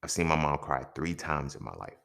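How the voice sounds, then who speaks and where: A man's voice: extremely low pitch, expressive, a little fast, gravelly, fairly bright tone. A young man and podcast host telling a personal story in an emphatic, profane way, often checking in with his listeners.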